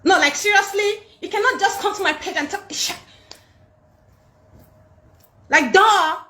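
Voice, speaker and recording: A woman's voice: sits high, animated, moderate pace, bright, forceful tone. A woman voicing a snooty woman who fakes a posh American accent, mocking and drawling. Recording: echoey room.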